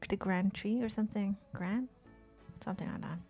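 A woman's voice: mid-range voice, normal speed, dark tone, faint music behind. A woman chatting casually while streaming a game, swearing freely, talking to game characters and often dropping to a whisper. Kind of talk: casual live-stream chat while gaming.

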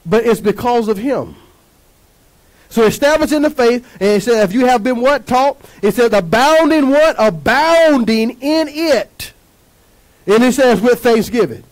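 A male pastor with a strikingly high voice preaches with fervor, firing questions at the congregation and waiting for them to answer. His delivery is emphatic, rhythmic and full of call-and-response. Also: darkish tone, rough recording. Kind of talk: sermon.

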